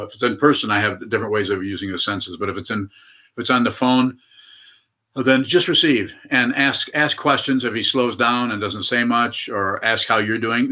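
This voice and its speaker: Older man giving a bright dharma talk. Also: on the low side. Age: 80s. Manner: rambling, frequent hesitations and self-corrections. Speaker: Buddhist meditation teacher. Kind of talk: dharma talk answering questions.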